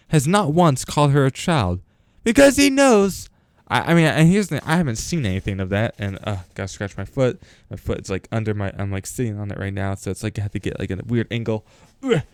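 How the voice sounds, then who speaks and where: Teen guy ranting on his show, bouncy pitch, smooth voice, dry close sound. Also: dry recording. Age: teenager. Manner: rambling, filler-heavy, sarcastic. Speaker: host. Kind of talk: casual rant vlog.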